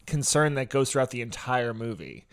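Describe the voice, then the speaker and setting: A man's voice: mid-range voice, lively intonation, normal speed, vocal fry, a bit bright. A man co-hosting a casual podcast, talking loosely with lots of "like" and joking as he goes. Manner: loose, filler-heavy, jokey. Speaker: podcast co-host. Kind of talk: casual chat.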